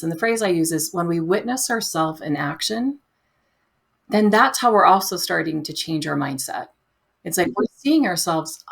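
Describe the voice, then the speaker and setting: Gentle, reflective woman guest, fairly low voice. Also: moderate pace. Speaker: podcast guest. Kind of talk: conversational interview.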